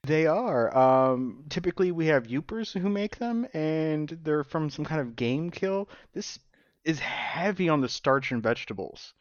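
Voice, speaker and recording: Slow, teasing male podcast co-host, dull dry mic sound. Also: a little high, animated, no echo. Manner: teasing, laughs easily. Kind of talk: casual chat.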